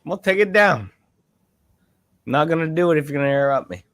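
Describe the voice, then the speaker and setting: A man's voice: fairly high pitch, expressive, brisk, a bit bright, no room sound, studio quality. A man in a casual stream chat who talks in a blunt, insistent way. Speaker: guest.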